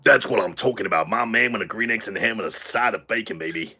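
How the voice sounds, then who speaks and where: A man's voice: fairly low pitch, fast, bright, forceful tone, a little hiss or hum. A man playing a crude, boastful character on a live stream, talking rowdily and sounding tipsy from shots. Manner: crude, rowdy, swaggering banter. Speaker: livestream host.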